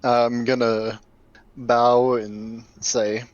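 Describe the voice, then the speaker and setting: A man's voice: mid-range voice, level tone, very slow, dry recording, highs cut off. A man playing a tabletop game, chatting casually about his character's actions. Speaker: player.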